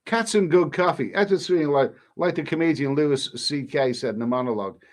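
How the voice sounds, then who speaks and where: A man's voice: fairly high pitch, brisk. Cheeky man reading live chat. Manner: jokey, cheeky banter with frequent restarts. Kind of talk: casual live-stream chat.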